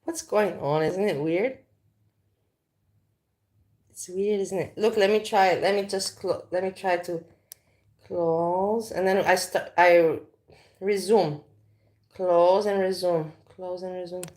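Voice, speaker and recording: A woman's voice: mid-range voice, lively intonation, slow pace, long pauses, a little mellow. A woman chatting casually to viewers in a livestream from her home kitchen, talking frankly and rambling as she goes, recorded on a phone. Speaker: livestream host.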